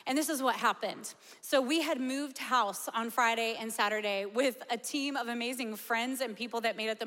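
Animated high-voiced woman preaching. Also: big-room sound. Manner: animated storytelling with laughs. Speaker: pastor. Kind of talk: sermon.

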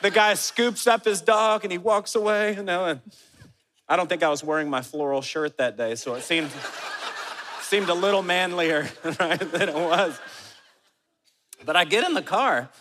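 A middle-aged man preaching a sermon as pastor, moving from prayer into an animated, lively story. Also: high voice, moderate pace, a little hiss or hum. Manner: animated storyteller, acts out quotes. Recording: hall reverb.

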